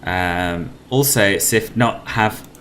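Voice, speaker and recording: A man's voice: fairly low pitch, takes it slowly, fairly bright tone, a little hiss or hum. A man chatting casually on a flight sim live stream, greeting viewers between tasks.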